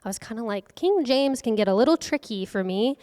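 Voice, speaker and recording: A woman's voice: on the high side, expressive, fairly quick, darkish tone. Earnest woman speaking in a reverberant hall. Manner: earnest, conversational, asks the audience questions. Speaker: workshop speaker. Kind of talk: faith-based workshop talk. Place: event hall.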